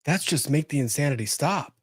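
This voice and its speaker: A man's voice: a little high, lively intonation, a little fast, breathy edge, no room sound, studio quality. A man hosting a live legal commentary show, thinking aloud, exclaiming and swearing as he reacts.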